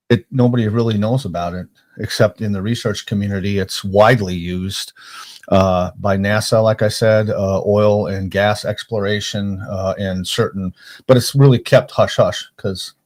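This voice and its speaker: A man's voice: on the low side, darkish tone, dry recording, studio quality. A man explaining things matter-of-factly as a guest on a podcast. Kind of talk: casual podcast discussion.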